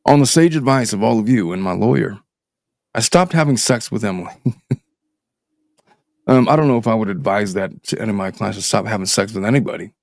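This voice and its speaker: A man's voice: on the low side, fairly quick, gravelly, pauses often, dry recording, clean studio sound. A middle-aged man hosting a podcast as a divorce attorney, reading a listener's letter aloud and commenting with sardonic, profane asides. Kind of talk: casual podcast chat.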